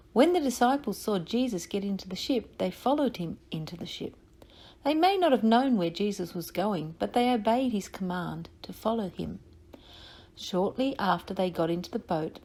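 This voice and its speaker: A woman teacher reading a Bible story aloud to young children, with expressive storytelling and questions to the listeners. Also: medium pitch.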